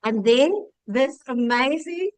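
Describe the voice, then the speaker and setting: A woman in her fifties with a South African accent gives a heartfelt, rambling personal testimony over a video call. Her voice sits fairly high for a woman. The sound is dry, with no room echo. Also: expressive, slow. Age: 50s. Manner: earnest, heartfelt, rambling with restarts. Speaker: guest sharing her success story.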